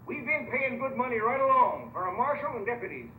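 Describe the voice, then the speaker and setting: A high, grumbling townsman. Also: very animated, fairly quick, sharp tone, heavily acted. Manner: grumbling, argumentative. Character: complaining townsman at a meeting. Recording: roomy, distant old film sound with hiss.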